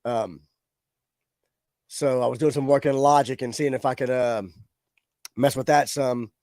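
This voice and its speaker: A man's voice: mid-range voice, fairly even intonation, a little slow, darkish tone, no room sound, clean studio sound. A man hosting a casual live-stream, chatting loosely with viewers in a laid-back way. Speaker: livestream show host. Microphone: studio microphone with audio interface.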